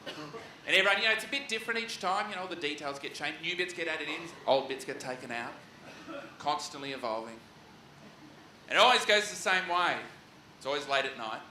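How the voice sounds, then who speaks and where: A man's voice: a little high, lively intonation, brisk, pauses often. An Australian man of forty telling a comic story on stage in a chatty, rambling way. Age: 40s. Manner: chatty, rambling, laughing asides. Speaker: comedian. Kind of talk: stand-up storytelling. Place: live event hall. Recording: echoey hall with loud background noise.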